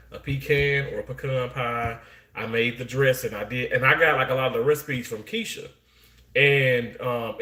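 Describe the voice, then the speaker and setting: A man's voice: medium pitch, fairly bright tone. A man, hosting a livestream and chatting to viewers in a rambling, heartfelt way with many restarts. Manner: Southern-flavored speech, says y'all. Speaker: livestream host. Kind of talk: casual chat to live chat viewers. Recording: roomy echo.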